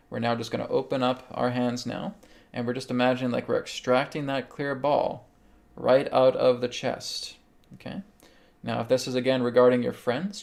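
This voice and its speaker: A man hosting a live show, calmly guiding a healing meditation and answering viewers' questions, often checking in with "okay". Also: mid-range voice, vocal fry. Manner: calm, instructive, repeats okay. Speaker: host and spiritual healer.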